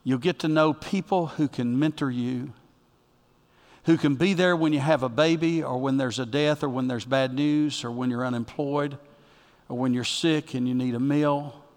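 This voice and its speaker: A man preaching a sermon as pastor, with emphatic delivery that swings from loud bursts to quiet asides. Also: mid-range voice, normal speed. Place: church sanctuary. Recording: long reverb of a church hall.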